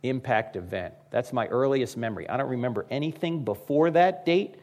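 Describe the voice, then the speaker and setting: A man's voice: medium pitch, brisk. A man in his fifties giving a humorous talk to a live audience. He addresses the crowd directly and acts out the voices of people in his stories. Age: 50s. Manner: animated storyteller who acts out quoted voices. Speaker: public speaker.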